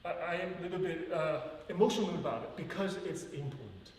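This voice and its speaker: A man's voice: fairly high pitch, animated, fairly quick, slight background noise. Male ballet teacher, earnest, counts out rhythms; heard from across a long-reverb hall. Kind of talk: teaching a live ballet class. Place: large echoey dance studio. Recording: far-off voice in an echoey hall.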